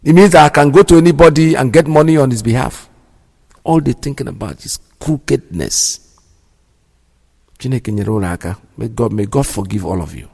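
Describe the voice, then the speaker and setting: Man, radio host, indignant commentary, gravelly voice, long reverb. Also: mid-range voice, animated, normal speed, darkish tone. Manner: preachy, indignant, repeats himself.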